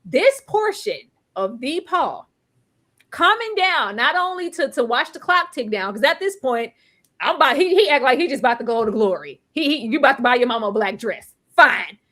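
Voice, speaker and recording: A woman in casual chat reviewing a TV episode, her voice high and bright. She is animated and expressive, laughing and bursting into near-yells when something surprises her. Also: normal speed. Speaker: TV review podcast co-host.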